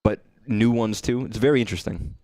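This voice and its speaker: A man's voice: on the low side, brisk, a little mellow, studio quality. A man commenting casually while streaming a game, chatty and echoing lines from the game in voices. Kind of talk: live gameplay commentary.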